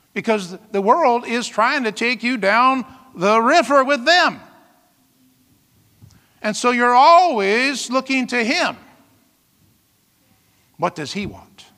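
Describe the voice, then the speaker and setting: A man's voice: high-pitched, sharp tone, long reverb tail. A man preaching a sermon as pastor, emphatic, with dramatic exclamations and rhetorical questions to the congregation.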